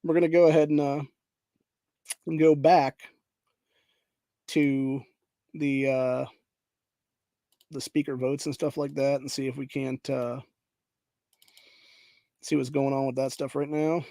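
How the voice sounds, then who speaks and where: A man's voice: mid-range voice, little pitch movement, slow pace, creaky, long pauses, mellow, no echo. A man hosting a political podcast, ranting angrily and profanely, often saying "dude", and reading headlines aloud. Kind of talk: angry political rant.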